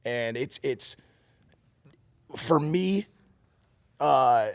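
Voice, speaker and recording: A man co-hosting a podcast, telling a rambling, profane story and loudly acting out the people he quotes. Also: medium pitch, expressive, drawn-out words, vocal fry, clear, resonant tone. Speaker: podcast co-host. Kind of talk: animated storytelling.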